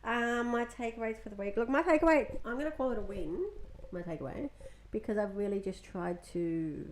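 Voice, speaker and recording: A woman's voice: mid-range voice, brisk, a little hiss or hum. Candid, sweary woman podcast co-host. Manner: candid and sweary, acts out her own past dialogue. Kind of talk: casual chat.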